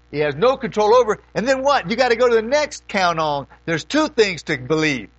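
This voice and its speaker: A middle-aged man preaching a sermon in a folksy way, swinging between loud questions and hushed asides. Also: sits high, big pitch swings, fairly quick, dry recording, dull audio.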